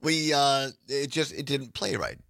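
Hoarse, chatty Midwestern radio host. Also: male voice, mid-range voice, measured pace, sharp tone, no echo. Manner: upbeat, chatty, with fillers and laughs. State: slightly hoarse, losing voice. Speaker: radio talk show host. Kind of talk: live talk radio. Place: radio studio.

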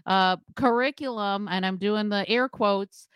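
A woman co-hosting a radio talk show, brisk and pointed. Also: medium pitch, lively intonation, a bit bright, no echo, clean studio sound.

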